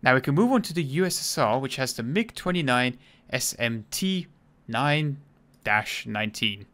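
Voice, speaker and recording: A man's voice: mid-range voice, lively intonation, normal speed, a bit bright, slight background noise. A man streaming a game, giving casual, joking commentary that is irreverent and profane.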